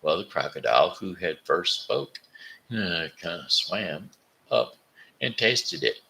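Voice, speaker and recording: A man's voice: deep voice, expressive, takes it slowly, vocal fry, pushed and bright, rough recording. A man from Missouri reading a children's book aloud, stumbling now and then and correcting himself. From Missouri, USA.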